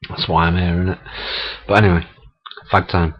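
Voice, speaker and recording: Recorded on dull, lo-fi camera audio, a middle-aged vlogger tells stories in a chatty monologue full of laughs and curses. He has a low, husky voice with a flat delivery at normal speed.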